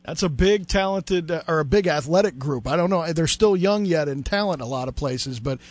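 A man talks sports on the radio in a relaxed, good-humored way. His voice is a touch high and moves a lot in pitch. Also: a little fast, no room sound. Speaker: radio co-guest. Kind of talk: casual radio chat.

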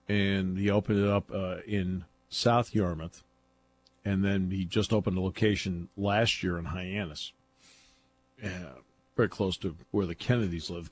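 A man's voice: low-pitched, breathy edge. A man talking football in casual chat, chatty and laughing often as he tells stories. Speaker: football analyst.

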